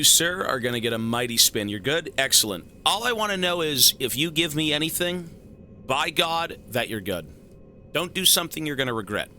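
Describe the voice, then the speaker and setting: Very bright, lively male streamer. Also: medium pitch, slight background noise. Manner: animated, profane, joking banter with chat. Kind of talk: live stream chat, thanking donors.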